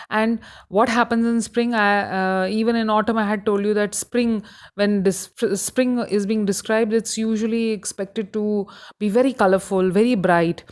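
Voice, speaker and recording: A woman with an Indian English accent giving a recorded lecture on a poem, explaining slowly with many hesitations. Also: medium pitch, a little mellow. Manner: halting, explanatory, many fillers.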